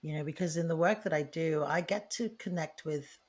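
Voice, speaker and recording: A woman guest and leadership coach on a podcast interview, talking in an animated, preacher-like way. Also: deep voice, fairly quick.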